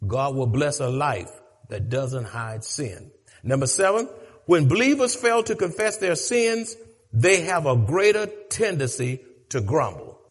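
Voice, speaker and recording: A man preaching a sermon to a congregation. He repeats lines for emphasis and swings between low, quiet stretches and shouted peaks. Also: lively intonation, a little slow, husky. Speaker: pastor.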